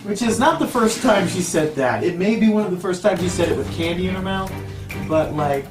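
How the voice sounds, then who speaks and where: A woman's voice: lowish voice, lively intonation, fairly quick, music in the background. A young woman hosting a casual vlog with a friend, playful and giggly, slipping into sing-song teasing. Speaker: vlog host. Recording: echoey room, mic at a distance.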